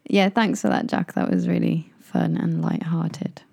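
A woman's voice: on the low side, fairly even intonation, a little slow, vocal fry, dark tone, husky. A woman co-hosting a casual chat podcast, playful and laughing often as she acts out silly scenarios. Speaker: podcast co-host.

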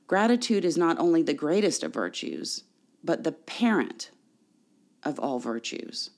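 This is a preacher giving a Sunday sermon. The delivery is measured and deliberate. The pitch sits in a middle range, and the preacher poses rhetorical questions to the listeners. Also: darkish tone. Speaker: pastor.

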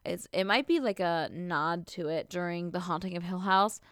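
A woman's voice: fairly low pitch, a bit bright, no echo, clean studio sound. A woman co-hosting a casual podcast, reacting with gasps and swearing as she chats about horror shows. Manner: reactive, gasping, swears, quick talk. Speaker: podcast co-host. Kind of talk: casual chat.

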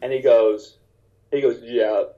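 A man, a stand-up comedian, telling a story in casual conversation in an animated, profane way and acting out other people's lines. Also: on the high side, fairly quick, muffled recording.

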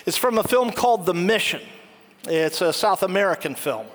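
A man's voice: sits high, lively intonation, normal speed, a bit bright. A man preaching a sermon, retelling a film story and acting out its quoted lines. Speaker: pastor. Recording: long hall reverb.

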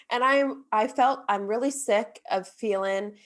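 A woman's voice: a little high, takes it slowly. A young woman hosting a podcast, talking candidly about hard times and laughing nervously through it. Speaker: podcast host. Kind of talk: casual chat.

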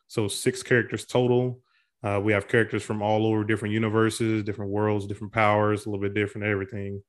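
A man with an Oklahoma accent and a fairly low voice hosts a relaxed podcast chat. He explains things loosely and jokes, with plenty of ums and uhs. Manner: joking, explains rules loosely with many fillers. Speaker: podcast host. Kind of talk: casual chat.

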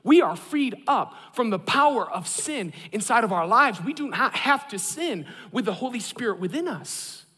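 A man in his thirties preaching a sermon, an animated and self-deprecating storyteller. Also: very high voice, moderate pace, few pauses, breathy edge, long reverb tail. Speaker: pastor.

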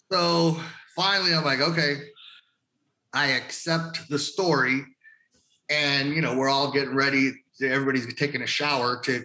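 Profane, bright-voiced wrestler telling a story. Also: male voice, medium pitch, roomy sound. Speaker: wrestler, guest. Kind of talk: casual storytelling.

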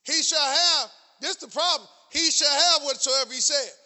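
A middle-aged male pastor preaching a sermon, building to shouts and repeating his phrases. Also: extremely high pitch, moderate pace, big-room sound.

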